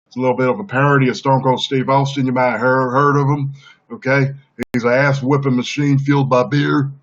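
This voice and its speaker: A swaggering Southern redneck brawler, as a man puts him on drawls gruffly and curses freely. The voice sits well above the man's usual deep tone. The sound is dull and lo-fi, like a livestream. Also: fairly even intonation, brisk, close to an everyday voice. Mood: boastful. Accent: Southern US (put on).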